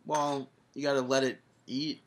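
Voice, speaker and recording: A man co-hosting a casual podcast, animated and swearing often as he rants. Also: mid-range voice, normal speed. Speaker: podcast co-host.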